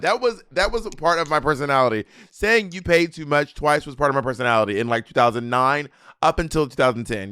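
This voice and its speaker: A man co-hosting a casual chat show, talking in an animated, campy way with quick asides. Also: a little high, clear, resonant tone, no room sound, clean studio sound. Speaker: podcast co-host.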